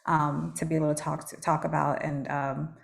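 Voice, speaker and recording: A woman moderates an online panel discussion in a low, gravelly voice. She speaks in an even, flat tone and pauses often with fillers as she hands questions to the panelists. She is heard over a video call. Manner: hesitant, with frequent fillers.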